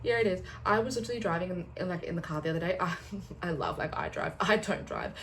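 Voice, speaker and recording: Young female vlogger, lower register, chatty and excitable, casual swearing. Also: fast talker, a little hiss or hum. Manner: rambling, excitable, swears and laughs often. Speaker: booktuber.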